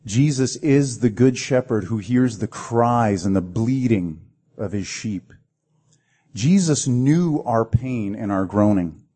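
A man's voice: mid-range voice, slow pace, dark tone, breathy edge. A man preaching a sermon with dramatic delivery, acting out the voices in the stories he tells. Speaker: pastor.

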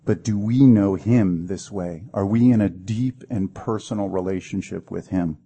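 A man's voice: low voice, normal speed, mellow, husky. A man preaching a sermon with dramatic delivery, acting out the voices in the stories he tells. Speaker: pastor.

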